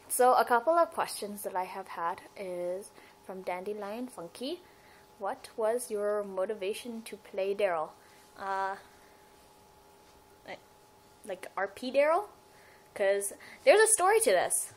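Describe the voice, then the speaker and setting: A woman's voice: mid-range voice, poor audio. Young woman, casual webcam vlogger, rambling and giggly, restarts a lot. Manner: rambling, giggly, self-interrupting. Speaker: fan vlogger. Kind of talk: casual fan vlog Q&A.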